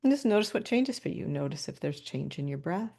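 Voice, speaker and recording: A woman presenting a webinar over a video call, calmly guiding listeners through posture and breathing cues with light laughs between instructions. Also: low-pitched, a little fast, gravelly. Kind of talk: guided body-awareness instruction.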